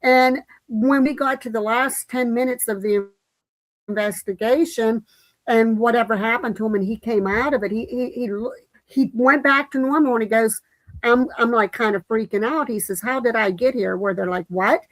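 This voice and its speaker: A woman hosting a casual live-stream chat, telling a story in an animated way and quoting what others said. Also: on the high side, normal speed, dry recording, rough recording. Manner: animated storytelling with quoted voices. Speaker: livestream host.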